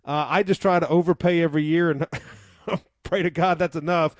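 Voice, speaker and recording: A man speaking as a guest on a talk radio show, wry and measured. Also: a little high, steady tone, no room sound.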